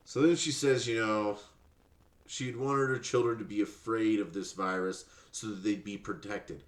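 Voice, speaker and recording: A man's voice: on the low side, normal speed, echoey room. A man hosting a podcast, ranting sarcastically and profanely in mocking commentary. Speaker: podcast host.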